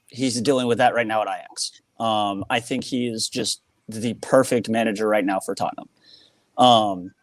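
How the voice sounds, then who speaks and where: A man's voice: mid-range voice, no room sound. A man with an American accent calling in to a fan show, talking earnestly with lots of hesitations. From born in England, raised in the US. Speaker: caller. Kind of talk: casual phone-in chat.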